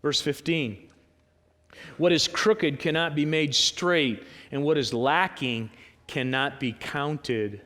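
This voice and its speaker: In a loose, conversational sermon, a male pastor peppers his congregation with rhetorical questions and quick asides. His voice is a little high for a man and fairly bright, and a long church-sanctuary reverb trails after it.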